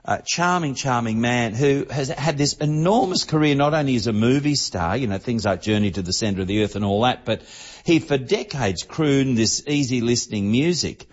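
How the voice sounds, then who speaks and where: A man's voice: mid-range voice, lively intonation, normal speed, husky. A man, telling celebrity gossip as an entertainment reporter on a radio show in a chatty, storytelling manner. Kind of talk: casual radio chat. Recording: dull lo-fi broadcast audio.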